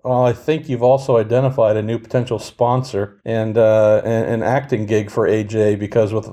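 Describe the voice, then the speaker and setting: A man's voice: on the low side, level tone, normal speed, warm tone. A man in his forties hosting a casual podcast, reading the news with dry, wry humor. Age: 40s. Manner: dry, wry delivery of news with mock hype. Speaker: podcast host.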